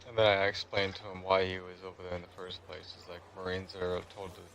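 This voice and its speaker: A man with a very low voice and a gravelly, fry-laden edge chats through a meandering story while playing a game. He keeps a casual, conversational tone, and a faint background hiss sits under his voice. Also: flat delivery, fast talker, fairly bright tone, poor audio. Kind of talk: casual storytelling over gameplay.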